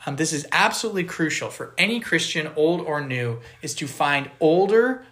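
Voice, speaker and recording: A man's voice: a little high, expressive, normal speed, fairly bright tone. A man giving a conversational Bible teaching on a podcast, earnest and explanatory, stopping to put questions to his listeners. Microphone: podcast microphone.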